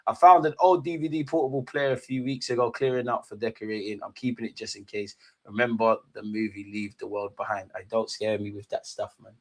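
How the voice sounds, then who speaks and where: A young man from England in his twenties, chatting casually on a live stream, slangy and animated, repeating himself and swearing freely. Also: fairly low pitch, brisk, no room sound, studio quality. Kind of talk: casual live-stream chat reading viewer comments.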